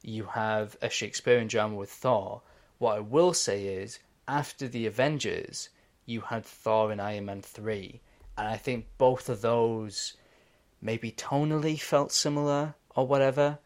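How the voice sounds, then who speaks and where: A young man with an ordinary mid-pitched voice talks films with a friend in an easy, excited way. He drops the odd swear word and laughs readily. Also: a little slow. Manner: enthusiastic, swears casually, laughs often. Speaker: podcast co-host. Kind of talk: casual chat.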